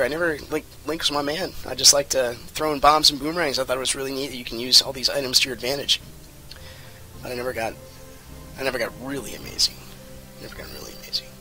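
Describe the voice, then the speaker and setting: Guy rambling and joking thru his game, super bright voice, yells when stuff goes wrong. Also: medium pitch. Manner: rambling, jokey, excitable outbursts. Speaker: let's play commentator. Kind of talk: casual gameplay commentary.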